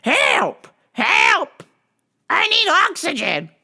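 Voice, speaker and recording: A woman's voice: extremely high pitch, huge pitch swings, drawn-out words, vocal fry, bright, forceful tone, pitched above the performer's own voice, full character voice. A woman voicing a panicky, gullible woman caller who pleads frantically. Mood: frantic.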